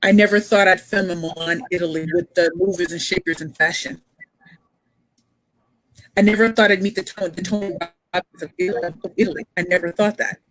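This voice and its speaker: A woman pitch coach telling her story as a motivational speaker, emphatic and repeating phrases for effect. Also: steady tone, fairly quick, a bit bright, no room sound, poor audio.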